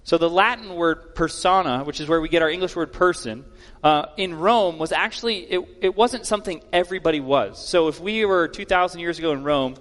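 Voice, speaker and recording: A man's voice: sits high, fairly bright tone. A male pastor giving a sermon in a plainspoken, conversational way with casual asides. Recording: long hall reverb.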